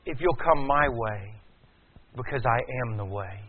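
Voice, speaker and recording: Male preacher, mid-pitched, builds from hushed to loud emphasis; thin, narrow sound. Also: lively intonation, measured pace, slightly rough. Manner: swings from quiet to loud, rising emphatic. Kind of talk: sermon. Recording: tinny phone-like sound.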